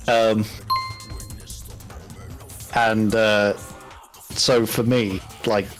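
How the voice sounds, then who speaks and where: A man's voice: on the low side, fairly even intonation, very slow, fairly bright tone, soft background music. A British man chatting casually on a hobby painting stream, swearing freely and laughing often. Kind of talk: casual chat on a live stream.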